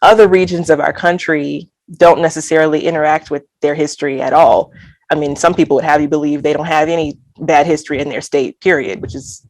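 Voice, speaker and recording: A woman's voice: low voice, steady tone, fairly quick, darkish tone, dry recording. A woman from Alabama, speaking as a guest poet in an interview, talking candidly and earnestly with light laughs and quoted inner thoughts. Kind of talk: reflective conversational interview.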